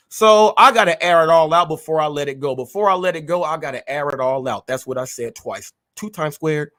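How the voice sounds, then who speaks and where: High-pitched guy going off on a live stream, slangy and fired up. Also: fairly quick, hardly any pauses, a bit bright. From California. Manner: fiery, confrontational, slangy street talk. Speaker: host. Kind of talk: heated live-stream rant.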